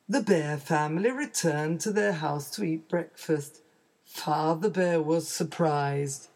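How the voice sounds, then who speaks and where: A woman narrating a children's story clearly and deliberately, as a read-aloud for learners. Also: sits low, a little mellow.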